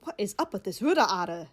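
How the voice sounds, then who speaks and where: A woman voicing a boastful, old-fashioned Chinese male nation figure from a comic, who talks briskly and ends lines with a verbal tic. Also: medium pitch, pitched below the performer's own voice.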